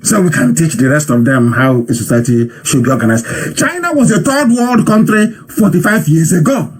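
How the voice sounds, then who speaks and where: Man, husky, high and lively voice, fiery scolding commentary. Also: moderate pace. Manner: fiery, scolding rhetorical questions. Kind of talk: impassioned live commentary.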